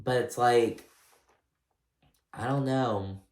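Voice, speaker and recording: A man talks through a reality TV episode in a loose, rambling way, full of "like" and "I don't know." He sounds sassy and opinionated. His voice sits at an ordinary pitch and carries an echo from the room. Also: extremely slow, darkish tone. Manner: chatty, rambling, filler-heavy, sassy. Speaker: recap host. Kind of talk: casual reality TV recap.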